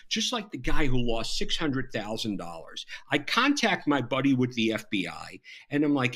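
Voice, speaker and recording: A middle-aged man with a Southern American accent talks as a podcast guest and tells his stories with plenty of emphasis. His pitch swings widely, and he suddenly jumps louder to drive a point home. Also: sing-song, normal speed, few pauses. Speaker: guest, former FBI agent. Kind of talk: animated podcast interview.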